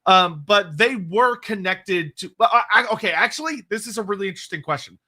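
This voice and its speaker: Male stream co-host, higher bright voice, chatty and self-correcting. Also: lively intonation. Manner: quick, digressive, laughing, self-correcting. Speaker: co-host answering chat questions. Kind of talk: casual lore chat on a livestream.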